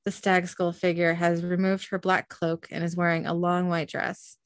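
Woman narrator reading a story, even delivery, dry and close. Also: fairly low pitch, normal speed, clean tone, no echo. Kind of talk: reading a fan story aloud.

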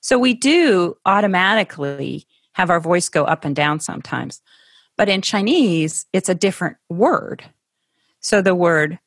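A woman's voice: on the low side, expressive, a little slow, dry recording, clean studio sound. A middle-aged woman from Ohio, a guest in an interview, telling her story in a thoughtful, conversational way with some restarts and laughs. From Ohio, USA.

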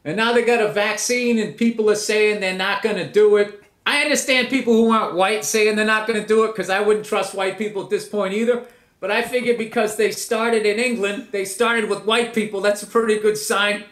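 A high-pitched, middle-aged man riffs in a casual interview, mocking things and slipping into quick impressions. The room gives his voice a roomy echo. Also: steady tone, a bit bright. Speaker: comedian guest.

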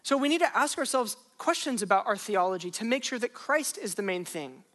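A pastor delivering a sermon in a relaxed, conversational voice. They lean on rhetorical questions and repeat key phrases for emphasis. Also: mid-range voice, a little fast.

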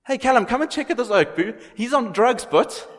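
Man doing a jeering scoffing bystander, shrill raised voice, mocking questions, long hall reverb. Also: lively intonation. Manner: mocking, incredulous rapid questions.

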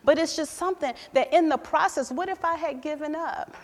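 A middle-aged woman preaching a sermon and telling a personal story, swinging between loud emphatic bursts and hushed, quiet passages. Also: sits high, brisk. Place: church hall. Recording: long hall reverb in a church.

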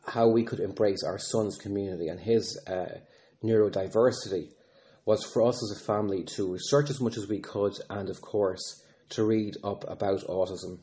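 A man with a fairly low, dark and mellow voice speaks in an earnest, reflective podcast monologue. He talks haltingly, often restarting sentences and filling pauses as he works through his thoughts. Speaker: podcast host, father of an autistic son.

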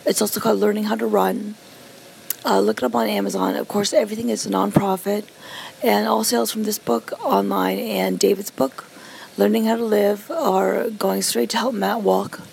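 A woman's voice: mid-range voice, steady tone, moderate pace, gravelly, a little mellow, slight background noise, low-quality recording. A woman who survived a stroke, casually telling a personal story with many asides and fillers.

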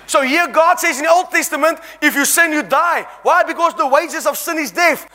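A man's voice: extremely high pitch, moderate pace, sharp tone. A man preaching an impassioned sermon, reading scripture aloud and exhorting his congregation. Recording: long reverb in a large hall.

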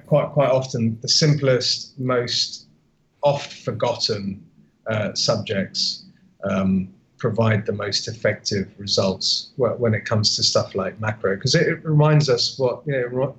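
A man co-hosting a casual photography podcast, talking in a rambling way with many restarts. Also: mid-range voice. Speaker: podcast co-host. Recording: dull lo-fi call audio.

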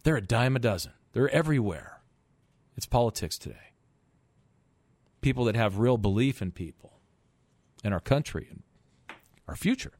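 A man's voice: medium pitch, sing-song, moderate pace, long pauses, a little mellow, no echo. A middle-aged man hosting a finance radio show in a studio, talking emphatically with rhetorical questions and stumbling repeats. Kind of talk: call-in radio talk monologue.

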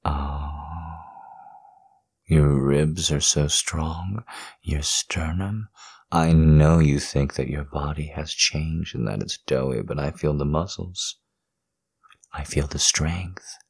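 A man in a whispered role-play, speaking in a slow, intimate, coaxing murmur that moves between whispers and a low voice. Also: creaky, a little mellow, breathy edge. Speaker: audio role-play performer.

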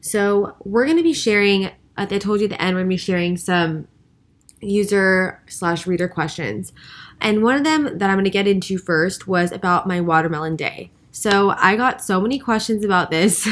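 A woman's voice: medium pitch, moderate pace. A woman co-hosting a casual podcast, speaking in an upbeat, chatty way. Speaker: podcast co-host. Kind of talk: casual chat.

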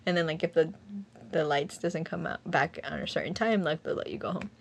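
A woman's voice: deep voice, fairly quick, creaky, breathy edge. A woman hosting a podcast, chatting casually with a dry, sarcastic humor and frequent laughter. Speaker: podcast host.

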